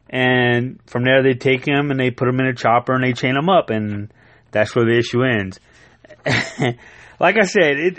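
A man talking through a comic book in a loose, profane, chatty way, chuckling at the absurd parts. His voice sits at an ordinary middle pitch, and the sound is dry and close, with no room around it. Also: no echo. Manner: loose, profane, laughing retelling. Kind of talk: casual spoken review.

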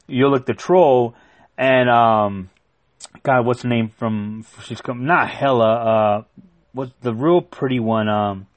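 An excitable man recaps a comic book issue in loose, profane chat. He stumbles through restarts and fillers as he talks, at an ordinary middle pitch. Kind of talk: casual plot recap.

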